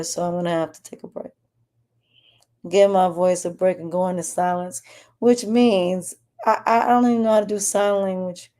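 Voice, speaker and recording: A woman's voice: medium pitch, dark tone. A woman podcast host with a sore, swollen throat, speaking candidly in a rambling personal update. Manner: candid, rambling, with frequent restarts. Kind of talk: personal health update monologue.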